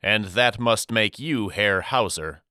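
A man voicing a gentle, loving middle-aged father who speaks softly. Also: lowish voice, takes it slowly, smooth, no room sound, studio quality.

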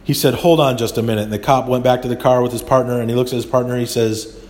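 A man's voice: mid-range voice, little pitch movement, fast, a little mellow. A man hosting a podcast, talking in a rambling, indignant monologue full of restarts. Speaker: podcast host. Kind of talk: casual monologue.

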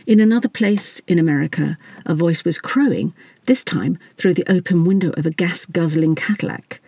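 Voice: mid-range voice, moderate pace, gravelly, a little mellow, slightly rough, no echo. A narrator reading a satirical story in a wry, scripted style.

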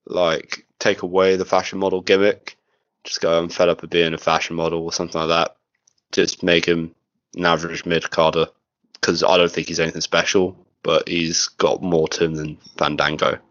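Man, casual podcast host, joking and easygoing, low pitch, dry close sound, muffled lo-fi. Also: little pitch movement, moderate pace, a bit bright, no room sound. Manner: laid-back, jokey, swears. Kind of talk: casual chat. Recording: dull lo-fi recording.

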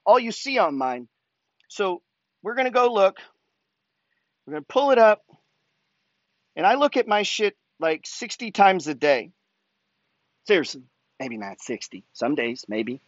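Pumped-up guy cussing nonstop about money, kinda high voice, dry dull sound. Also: sing-song, normal speed, long pauses, no echo. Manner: swears constantly, pushy, fired-up. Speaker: host reading follower emails. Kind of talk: profane motivational rant.

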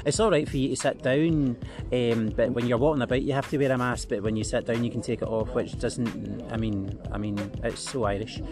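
A man's voice: medium pitch, steady tone, fairly quick, hardly any pauses, music in the background. A man, a podcast guest, talking bluntly and rambling in casual chat, with frequent laughs and restarts.

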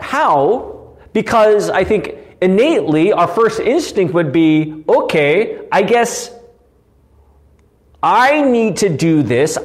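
A pastor leads a devotional Bible teaching in a fairly high, lively voice that swoops up and down. He keeps asking rhetorical questions, tags his points with "right?", and hammers key words home. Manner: asks frequent rhetorical questions, tagging 'right?'; earnest, repeats key words for emphasis.

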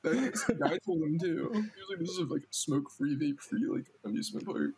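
A man's voice: on the high side, a little fast, crowd noise. A young man chatting casually as a guest, rambling and filling his speech with "like". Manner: rambling, lots of "like". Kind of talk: casual chat.

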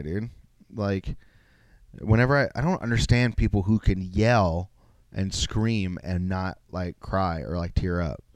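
A man's voice: lowish voice, no echo. A young man hosting a solo podcast, rambling casually with lots of swearing and self-mocking asides. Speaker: podcast host.

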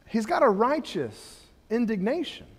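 Man, middle-aged, pastor, sermon, high voice, impassioned rhetorical questions, reverberant hall. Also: sing-song, unhurried, breathy edge.

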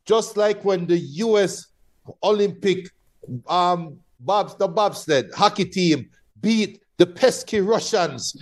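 A man's voice: high-pitched, slow. A man with a Jamaican accent on a sports show panel, making boastful, playful predictions in casual chat.

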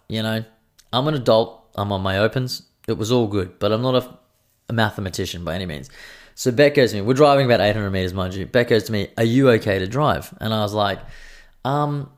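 An Australian man in his thirties talks through a rambling story from his week. He swears freely and talks in an animated way. His voice sits a little low. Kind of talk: casual storytelling monologue.

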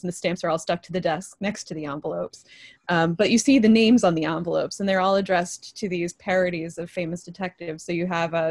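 Lower-voiced woman, relaxed podcast guest. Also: no room sound. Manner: relaxed, hesitant with fillers. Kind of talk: casual film chat.

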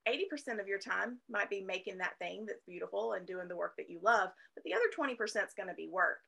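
A woman's voice: medium pitch, lively intonation, quick pace, gravelly, bright, forceful tone, low-quality recording. A woman co-hosting a podcast, explaining plans in an earnest, conversational way. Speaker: podcast co-host. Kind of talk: casual podcast chat.

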